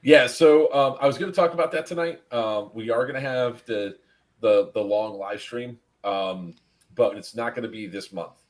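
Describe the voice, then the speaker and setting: A man's voice: mid-range voice, normal speed. A man hosting a casual live stream, telling a story with lots of laughing and acted-out voices. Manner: animated, laughing, acts out voices in anecdotes. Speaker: podcast host.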